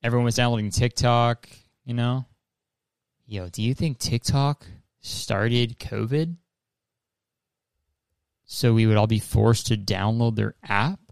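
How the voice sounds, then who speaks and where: A man's voice: medium pitch, slow pace, gravelly, long pauses, clean tone, no echo, clean studio sound. Rambling, profane male podcast host. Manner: rambling, profane, laughs often. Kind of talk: casual podcast chat.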